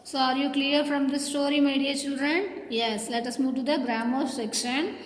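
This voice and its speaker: A woman's voice: high-pitched, fairly even intonation, slight background noise. A woman teacher leading a lesson for young children, drawing out each word with emphasis. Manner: drawn-out, emphatic word-by-word delivery, calls children "my dear children". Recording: echoey room with long reverb.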